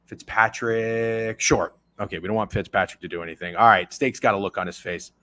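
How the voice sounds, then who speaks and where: A man's voice: lowish voice, brisk. A man hosting a casual sports betting talk show, ranting and swearing. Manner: profane, ranting, animated. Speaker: podcast host.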